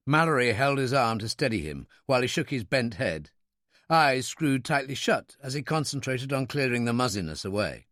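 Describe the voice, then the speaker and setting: A man narrating a wartime thriller audiobook with an expressive, dramatic reading. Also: mid-range voice, no room sound, clean studio sound. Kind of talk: scripted narration.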